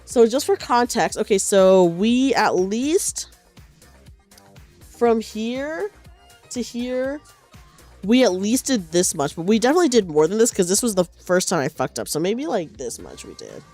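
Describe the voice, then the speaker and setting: A woman streamer chatting casually while knitting at home, sleepy and low on energy, rambling and correcting herself as she goes. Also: very animated, a little slow, a little mellow, faint music behind. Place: at home on a couch.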